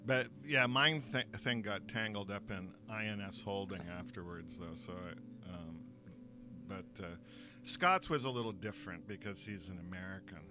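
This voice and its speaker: A man's voice: low voice, normal speed, music in the background. A man with a Californian-Canadian accent chatting casually as a podcast guest, trading dry jokes. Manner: joking, dry quips. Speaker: co-host and guest. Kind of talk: casual chat.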